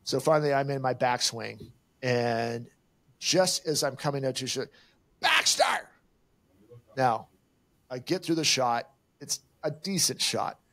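A man's voice: mid-range voice, a little slow, a bit bright. An older man co-hosting a podcast, telling a story in casual chat and acting out the exchanges he quotes. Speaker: podcast co-host.

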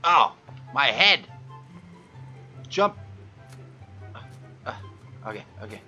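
Gamer guy, bright tone, lively swings, slow unhurried talk, profane frustrated commentary, faint music behind. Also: mid-range voice, dull audio. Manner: frustrated, cursing, talking to game objects. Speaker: gaming YouTuber. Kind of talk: gameplay commentary.

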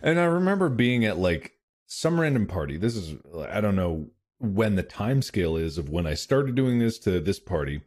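A podcast co-host with a lowish voice tells a story at normal speed during casual chat. He is animated and acts out the voices of the people in it.

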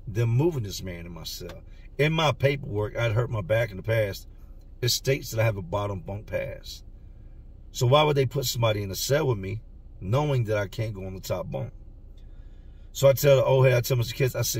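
A man's voice: lowish voice, moderate pace, breathy edge, recorded from a distance. A man casually telling a story about his past in street slang, acting out the dialogue. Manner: street slang, animated retelling with quoted dialogue. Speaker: storyteller recalling prison time.

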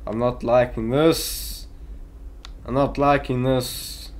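Young guy playing scary games, says yo a lot, jumpy, yells when scared. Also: medium pitch, steady tone, takes it slowly. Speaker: gaming youtuber. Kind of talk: horror game commentary.

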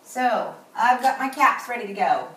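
A woman teaching a kindergarten morning meeting on video, speaking slowly and gently and stressing key words for young children. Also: a little high, expressive, roomy sound, recorded from a distance, low-quality recording.

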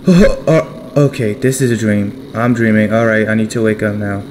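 A man's voice: on the low side, little pitch movement, fairly quick, noisy background. A man giving casual, joking let's play commentary on a game, using slang and talking to his viewers. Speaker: gaming streamer. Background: guitar music.

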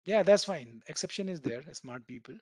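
A man teaches a live programming class in a fairly high voice. He talks students through each idea with homely comparisons and keeps asking "right?" to make sure they follow. The sound is close and dry, with no room around it. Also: animated, moderate pace, darkish tone, no echo. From India. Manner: keeps checking in with "right?", explains by everyday analogies. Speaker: programming instructor. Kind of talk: live online coding class.

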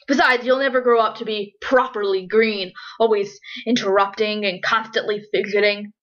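A woman's voice: medium pitch, steady tone, moderate pace, fairly bright tone, natural voice. Woman as cranky nagging old snake, storybook, muffled lo-fi sound. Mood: irritated. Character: fussy older male python, easily irritated. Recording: dull lo-fi recording.

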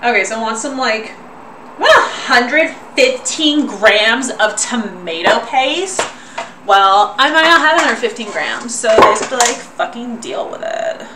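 A woman's voice: a little high, lively intonation, measured pace. A young woman from Southern California with a Southern California accent, chatting casually with her stream while she cooks and swearing freely. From Orange County, Southern California. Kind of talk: casual cooking livestream. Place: home kitchen. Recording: roomy kitchen, mic a bit far, faint noise.

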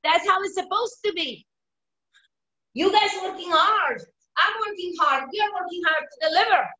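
High bright woman coaching a zoom workout, calling out counts, echoey room, kinda far from the mic. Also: normal speed. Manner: energetic, encouraging, calls out counts and cues. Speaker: fitness instructor. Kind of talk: live online workout coaching. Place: home workout room on a video call. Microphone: video call, away from the mic.

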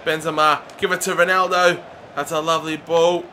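A young man giving excitable, often shouted commentary while playing a football video game. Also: a little high, moderate pace, a little hiss or hum. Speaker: gaming YouTuber.

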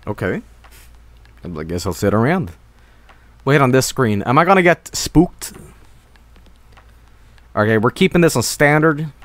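A man's voice: medium pitch, animated, unhurried, pauses often, no echo. A young man giving casual live gameplay commentary, rambling and full of fillers. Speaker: streamer.

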